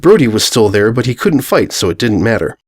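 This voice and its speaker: A man giving a comedic, mock-serious reading of a fan fiction story, narrating deadpan. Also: fairly low pitch, brisk.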